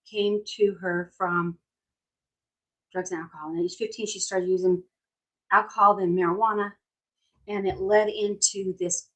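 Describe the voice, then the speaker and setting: A woman's voice: mid-range voice, a bit bright, poor audio. Middle-aged woman, hypnotherapist, chatty storyteller, casual livestream from home. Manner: chatty, tells stories, asks "right?". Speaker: hypnotherapist and nutrition coach. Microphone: phone or webcam.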